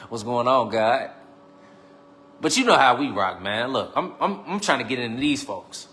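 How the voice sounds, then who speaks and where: Bright-voiced man preaching on a livestream. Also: mid-range voice, animated, unhurried. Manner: preachy and teasing, repeats phrases, swings from loud to quiet. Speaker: livestream host. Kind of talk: casual preaching monologue on a live stream.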